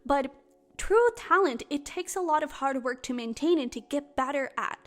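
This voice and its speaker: Brief: female tarot reader, high voice, effusive and excitable, chatty filler-heavy delivery. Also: normal speed. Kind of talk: pick-a-card tarot reading to camera.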